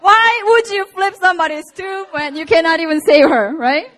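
A young woman preaching a sermon and telling a personal story, animated with laughs and acted-out quotes. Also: very high voice, moderate pace.

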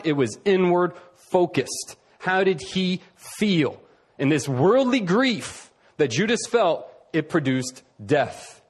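A man preaching a sermon, animated, shifting between quick runs and slow emphatic lines, sometimes dropping soft and low to act out quoted speakers. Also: breathy edge. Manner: acts out quoted voices, drops to a soft low tone.

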